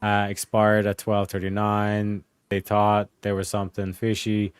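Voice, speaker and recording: A young man casually reading old case transcripts aloud to friends, halting with fillers and swearing. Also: fairly low pitch, monotone, smooth, no echo, studio quality. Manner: profane, halting, reads with fillers. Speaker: host reading case files.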